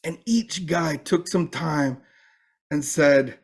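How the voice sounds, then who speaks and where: A middle-aged man giving a personal recovery testimony, halting and full of restarts and fillers. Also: on the high side, slightly rough. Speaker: recovery speaker.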